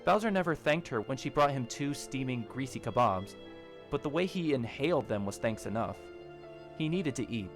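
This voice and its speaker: A man reads a story aloud in a steady, even voice at an ordinary middle pitch. A faint music bed sits under the narration. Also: moderate pace. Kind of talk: audiobook narration of a fan story.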